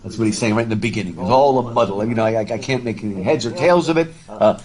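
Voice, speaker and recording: A man lecturing to a live class while wearing a face mask, chatty and animated, often repeating words as he thinks aloud. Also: on the low side, fast, a crowd in the background, poor audio. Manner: talking through a face mask. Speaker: professor. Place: university classroom with students. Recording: classroom with students audible.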